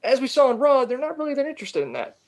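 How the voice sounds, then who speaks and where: A man's voice: extremely high pitch, rapid-fire. A man hosting a casual wrestling podcast, reading out listener comments with lots of "uh" fillers. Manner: animated, lots of fillers, reads comments aloud.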